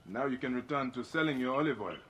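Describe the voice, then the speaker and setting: A man voicing a calm reassuring father. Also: medium pitch, fast talker, close to an everyday voice. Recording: loud game music behind.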